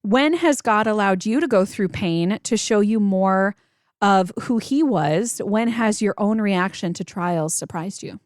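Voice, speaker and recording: A woman in her thirties, a podcast co-host, telling a story in a casual faith chat, animated and laughing often. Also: medium pitch, a little slow, no room sound, clean studio sound.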